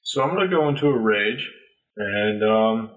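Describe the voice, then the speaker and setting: A man playing a tabletop game, talking in a dry, deadpan, sweary way. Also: fairly low pitch, moderate pace, muffled recording. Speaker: player. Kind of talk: casual tabletop game chat.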